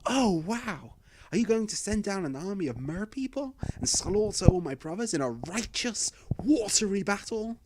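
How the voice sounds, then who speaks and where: A man's voice: medium pitch, expressive, a little slow, noisy background. A man voicing a whiny, insecure king who pouts and pleads in a raised voice. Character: whiny insecure male king, petty, pouting.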